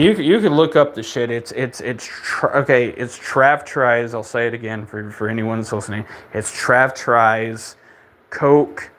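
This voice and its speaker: Young man, middle pitch, casual podcast rant, profane, scornful, rambling, stammering restarts. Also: a bit bright, a little hiss or hum. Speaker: podcast host. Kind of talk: casual ranting monologue.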